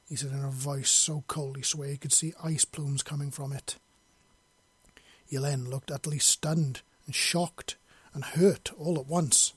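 A man narrating a fantasy story in a steady, measured read. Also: on the high side, breathy edge, no echo.

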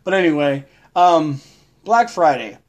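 A man's voice: fairly high pitch, animated, measured pace, muffled recording. Man, chatty live-stream host, upper-range voice, rambling, laughs a lot. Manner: rambling, greets viewers by name, laughs often. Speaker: livestream host. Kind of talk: casual live-stream chat.

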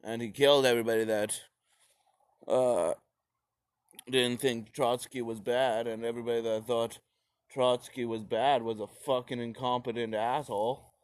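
A man's voice: medium pitch, fairly even intonation, moderate pace, dry recording. A man giving a rambling, profane, jokey retelling of history, slipping into silly voices. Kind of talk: profane comic history rant.

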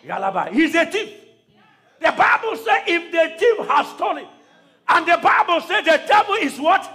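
A man preaching a shouted call-and-response sermon to a congregation, pausing for replies and breaking into tongues. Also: very high-pitched. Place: church service with congregation.

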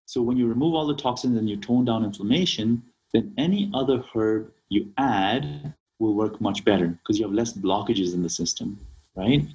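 A man's voice: fairly low pitch, a little mellow, breathy edge, poor audio. A man from Kenya, a naturopathic doctor, explaining remedies as an interview guest and often checking in with "right?". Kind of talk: casual interview talk.

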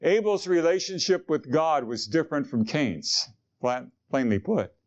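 A man's voice: a little high, animated, measured pace. Man preaching a sermon, muffled audio. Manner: earnest, conversational preaching with rhetorical questions. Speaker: pastor.

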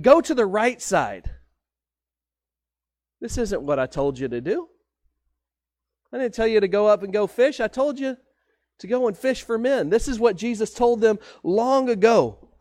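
Pastor, light high voice, storytelling sermon, dry recording. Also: male voice, a little mellow, no echo. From Texas. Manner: conversational storytelling preaching.

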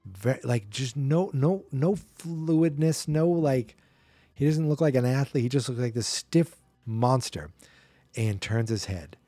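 Animated man recapping a horror film. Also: mid-range voice, measured pace, no echo, faint music behind. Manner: animated storyteller acting out characters' lines. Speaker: podcast host. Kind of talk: casual movie recap.

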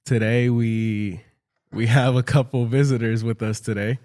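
A man hosting a podcast, greeting his guests in a relaxed, casual way. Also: mid-range voice, unhurried, faint music behind. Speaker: podcast host. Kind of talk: casual chat.

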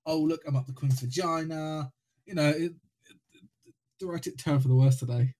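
A man's voice: a little high, steady tone, normal speed, a little mellow. A man chatting on a podcast who swears constantly and cracks crude jokes. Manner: crude, swearing a lot, joking. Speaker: podcast co-host. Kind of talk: casual podcast chat.

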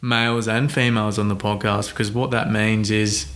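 A man's voice: fairly low pitch, flat delivery, moderate pace, a bit bright, a little hiss or hum. A man co-hosting a podcast, speaking earnestly and often restarting sentences. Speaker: podcast co-host. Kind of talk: casual podcast chat.

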